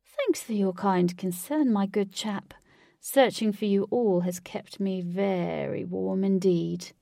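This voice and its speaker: A woman reading a storybook villain, a flamboyant man who is charming and creepy, with a theatrical, drawn-out delivery. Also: medium pitch, creaky, dark tone, no echo, clean studio sound. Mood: smooth, taunting.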